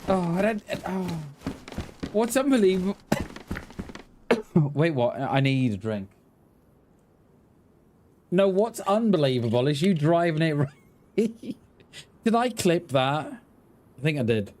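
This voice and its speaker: A man's voice: fairly high pitch, big pitch swings, slow, long pauses, a little mellow. A man chatting casually to viewers while streaming a game, laughing often and thanking people for donations. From Wales. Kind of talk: casual live-stream chat.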